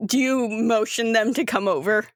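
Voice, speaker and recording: A woman's voice: on the high side, normal speed, dry recording, clean studio sound. A young woman narrating a tabletop game as game master, rambling and padding her descriptions with "like" and "um". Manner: rambling, filler-heavy description with frequent "like" and "um".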